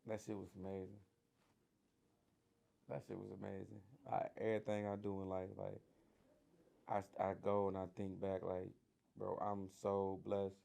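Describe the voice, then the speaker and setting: Detroit guy w a low gravelly voice, animated, slangy, acts out what ppl said. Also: normal speed, long pauses. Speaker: guest sharing his prison story. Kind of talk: casual storytelling interview.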